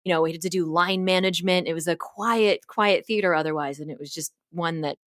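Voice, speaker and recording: A woman's voice: lowish voice, fairly even intonation, a little fast, a bit bright, no echo, studio quality. A young adult woman co-hosting a casual chat, laughing often and steering the conversation. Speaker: co-host.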